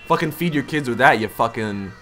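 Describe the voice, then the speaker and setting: A man's voice: medium pitch, brisk. Rowdy young man swearing over game music. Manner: loud, swearing, jokey, animated outbursts. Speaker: let's play host. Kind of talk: casual gameplay commentary. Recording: game music playing behind.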